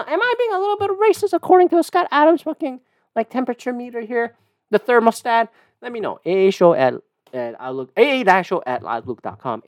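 A podcast host ranting casually and profanely, with heated, animated outbursts. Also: male voice, a little high, no echo, clean studio sound. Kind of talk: casual solo podcast rant. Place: lives in a city condo.

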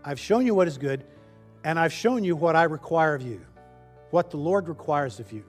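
A man preaching in a loose, conversational way, doubling back on his words as he walks through a scripture verse. His pitch sits a little high for a man. Soft music plays faintly underneath. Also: animated, moderate pace. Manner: conversational, restarts phrases, acts out the people's whining in a raised voice. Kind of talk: sermon.

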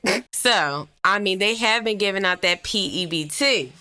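A woman's voice: mid-range voice, expressive, moderate pace, sharp tone, clean tone. A young woman co-hosting a casual podcast chat, loose and profane, laughing often and using plenty of slang. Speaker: podcast co-host.

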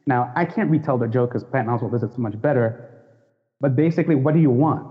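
A man's voice: medium pitch, quick pace. A man from the United States talking frankly in a casual discussion, restarting sentences and laughing easily. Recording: dull sound with long hall reverb.

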